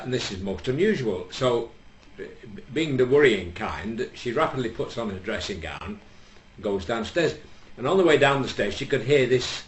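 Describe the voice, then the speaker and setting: A man from England telling a joke on stage in a dry, rambling way with hesitations. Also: on the low side. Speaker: stand-up comedian. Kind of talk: live stand-up storytelling. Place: small venue with audience. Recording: echoey room, faint ambience.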